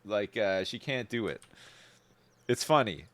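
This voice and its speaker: A man's voice: lowish voice, animated, a little slow, fairly bright tone, dry recording. A Canadian man chatting casually on a live gaming stream, rambling and laid-back, swearing freely and chuckling often.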